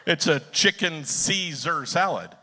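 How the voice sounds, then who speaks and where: A man's voice: a little high, expressive, unhurried, bright, forceful tone, a little hiss or hum. A man telling corny jokes at a live contest, teasing the crowd when they don't laugh. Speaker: joke contest entrant. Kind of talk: live stage joke-telling. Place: theater stage, live event. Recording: long theater hall reverb.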